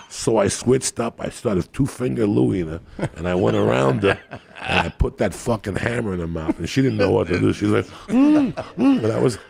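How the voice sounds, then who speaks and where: A man's voice: fairly low pitch, fairly quick, creaky, breathy edge. A man, a stand-up comedian, telling crude, profane stories on a podcast and laughing at his own jokes.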